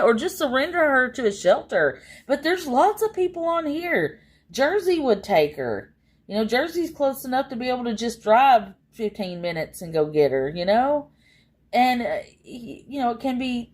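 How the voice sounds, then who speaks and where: A woman's voice: fairly high pitch, a little mellow. A woman chatting casually on a livestream, rambling and exasperated, with many fillers.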